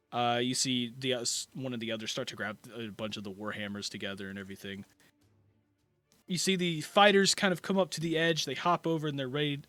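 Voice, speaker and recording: Guy running a tabletop game, bright voice, kinda rambly, dry close mic. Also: mid-range voice, no echo. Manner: loose, rambling narration full of fillers. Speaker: game master.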